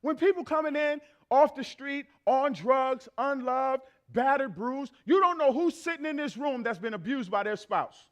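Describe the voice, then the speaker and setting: A man with a very high voice preaches a sermon to a church congregation at a moderate pace with few pauses. His style is conversational yet emphatic, repeating phrases for effect and acting out everyday exchanges.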